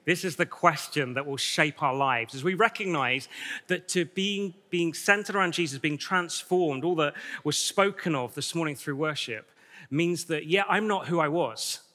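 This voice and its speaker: A man's voice: a little high, normal speed, sharp tone. A man preaching a sermon to his church, enthusiastic and emphatic, repeating key lines for effect. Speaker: pastor. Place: church hall with congregation. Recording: reverberant church hall.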